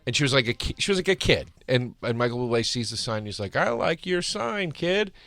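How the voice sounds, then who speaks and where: A man's voice: mid-range voice, animated, fast talker, a bit bright. A man hosting a podcast, telling a profane anecdote in casual chat and laughing as he goes.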